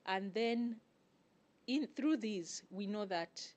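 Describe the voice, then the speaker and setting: A woman gives a guest interview at an even, mid-range pitch. She explains things step by step in a measured way and often pauses to find her words. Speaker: guest, networking group organizer. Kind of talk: interview answers.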